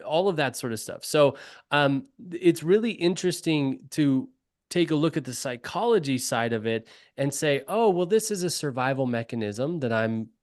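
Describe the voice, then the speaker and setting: A man co-hosting a leadership podcast, speaking thoughtfully with frequent pauses and fillers. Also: a little high, animated, a little mellow. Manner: thoughtful, measured, many fillers. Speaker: podcast co-host, leadership coach. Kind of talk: casual conversation.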